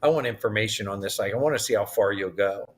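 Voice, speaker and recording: A man's voice: fairly low pitch, quick pace. A man, a guest in an interview, retelling events animatedly and acting out the dialogue. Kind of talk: storytelling in an interview.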